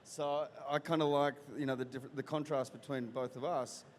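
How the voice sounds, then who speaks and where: A male actor chatting as a guest in an interview, talking in halting bursts full of fillers and restarts. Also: medium pitch, fairly even intonation. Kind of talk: casual interview chat. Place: convention event hall. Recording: reverberant hall with faint crowd ambience.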